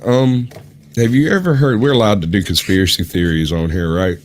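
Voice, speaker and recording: Hoarse man with a very deep voice. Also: brisk, no echo. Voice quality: rough, gravelly. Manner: rambling, explanatory. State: hoarse from illness. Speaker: live stream host. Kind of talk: casual chat.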